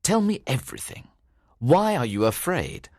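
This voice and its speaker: A man's voice: medium pitch, very animated, moderate pace, darkish tone, no echo, clean studio sound, pitched above the performer's own voice. A man voicing a firm, questioning middle-aged lawyer. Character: calm commanding middle-aged male lawyer.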